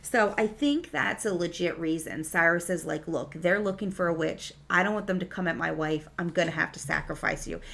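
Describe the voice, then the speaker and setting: A woman's voice: on the low side, fairly quick, vocal fry, hardly any pauses, a bit bright. Chatty woman reviewing a TV episode. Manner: chatty, enthusiastic, many fillers. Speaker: TV series reviewer. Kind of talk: casual recap and review.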